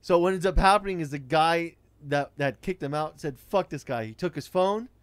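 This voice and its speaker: A man's voice: fairly high pitch, moderate pace, clear, resonant tone, no room sound. A man, telling a profane rideshare-driving story in casual chat. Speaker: rideshare driver.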